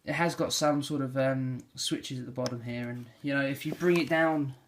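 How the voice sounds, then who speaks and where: A young man from England talks his way through an unboxing, self-deprecating and full of ums and uhs. His voice sits at a middling pitch. The home camera audio is noisy, with packaging crinkling and clicking behind him. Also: fairly even intonation, moderate pace. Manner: rambling, self-deprecating, lots of fillers. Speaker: unboxing vlogger. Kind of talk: casual unboxing commentary. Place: home bedroom. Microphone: handheld camera mic.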